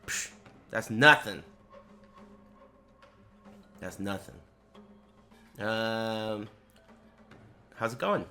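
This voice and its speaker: A man's voice: lowish voice, extremely slow, pauses often, sharp tone, faint music behind. A man streaming live, chatting casually with crude, joking, rambling banter. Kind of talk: casual livestream chat.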